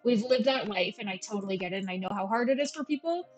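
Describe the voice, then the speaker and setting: Talking fast and animatedly at a medium pitch, a woman in her thirties with a Valley Girl voice streams gameplay, rambling and putting herself down in a casual way. The recording quality is rough, and faint game music can be heard.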